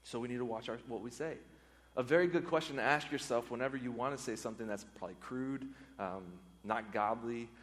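A man's voice: mid-range voice, a little fast. A man preaching a sermon as a pastor, earnest, often repeating words and phrases for emphasis. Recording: long hall reverb.

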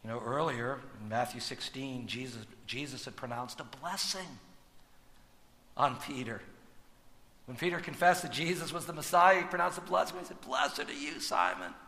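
Man preaching in a reverberant hall. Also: medium pitch. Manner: dynamic, swings from hushed to loud emphatic preaching. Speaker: pastor. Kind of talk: sermon.

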